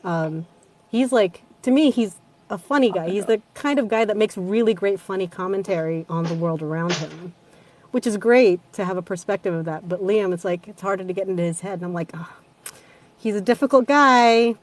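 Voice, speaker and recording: A woman's voice: fairly low pitch, brisk, dark tone, a little hiss or hum. A woman narrator of audiobooks in casual chat, laughing often and swearing casually.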